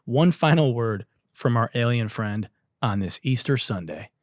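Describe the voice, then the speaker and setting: A man hosts a comedy podcast, swearing freely and sounding exasperated, with his voice swinging widely in pitch. He is recorded dry and close, with no room sound. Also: animated, measured pace, no room sound. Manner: profane, exasperated, laughs a lot. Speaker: podcast host. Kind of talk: comedic commentary.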